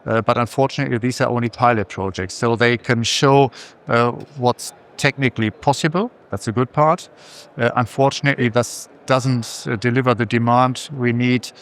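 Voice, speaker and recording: A man speaking as a recycling company executive in a trade fair interview, measured and pausing often with fillers. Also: medium pitch, vocal fry, fairly bright tone. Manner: measured, many filler pauses.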